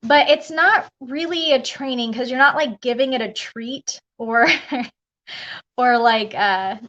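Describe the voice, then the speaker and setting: A woman's voice: fairly high pitch, slow, a bit bright. A woman spiritual coach chatting casually on a live stream, rambling through her thoughts and laughing often. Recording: dull lo-fi live stream audio.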